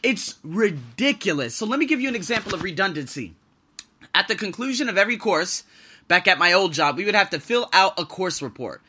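A man's voice: sits high, sing-song, a little fast, sharp tone, husky. Give me a blunt man ranting through a casual podcast monologue, with a piercing voice. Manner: blunt, ranting, swears freely. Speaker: podcast host and English teacher. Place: living and working abroad.

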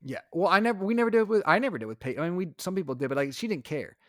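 Casual storytelling dad, dry sound. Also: male voice, sits high, rapid-fire, no echo. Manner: animated storytelling, acts out his own lines. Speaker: podcast co-host, father. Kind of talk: casual chat.

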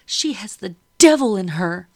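A woman voicing a shrill, furious mistress of a house who screams and commands. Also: moderate pace, gravelly, fairly bright tone.

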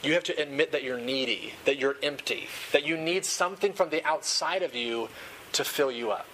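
Guy preaching, kinda high voice, earnest, slows way down on the big lines. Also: fairly bright tone, slight background noise, low-quality recording. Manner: earnest, emphatic, with dramatic slowdowns. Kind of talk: sermon.

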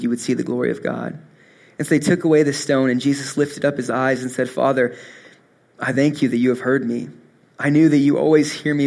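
A young man preaching a sermon, earnest and swinging from soft, intimate moments to impassioned rises. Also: mid-range voice, gravelly. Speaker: pastor.

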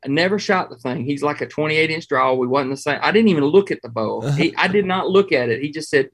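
A Southern-accented man from Georgia talks in a fairly high, bright voice for a man. He spins hunting yarns with a folksy, animated delivery and chuckles through them, in a relaxed interview chat. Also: fast, slightly rough. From Georgia, USA. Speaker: hunting guest. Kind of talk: casual interview storytelling.

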